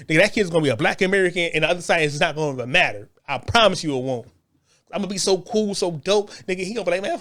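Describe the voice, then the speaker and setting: A man's voice: high-pitched, no room sound, studio quality. Man hosting a show, loose unscripted rant, trips over his words and keeps laughing. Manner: loose, repetitive, stumbling restarts, frequent laughter. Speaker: show host. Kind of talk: rambling monologue rant.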